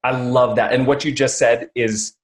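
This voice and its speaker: A man's voice: mid-range voice, steady tone, normal speed. A man hosting a conversational interview, telling stories with frequent restarts and acting out quotes. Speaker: podcast host.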